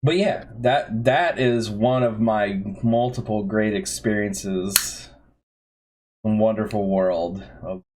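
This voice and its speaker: A man on a podcast telling a funny story about an old job in a casual, animated way, acting out the quotes. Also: lowish voice, slow. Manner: animated, laughing, acts out quotes. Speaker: podcast co-host.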